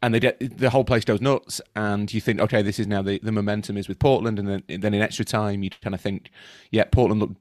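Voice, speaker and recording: Low-voiced man, dry close sound. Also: fairly even intonation, quick pace, few pauses, no echo. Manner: chatty, restarts and tangents. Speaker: podcast co-host. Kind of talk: casual chat.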